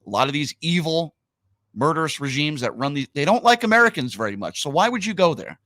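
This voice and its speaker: Opinionated talk radio host, dry studio sound. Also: male voice, fairly high pitch, sing-song, fast, bright, forceful tone, dry recording. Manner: emphatic, opinionated, repeats points. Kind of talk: casual talk radio banter.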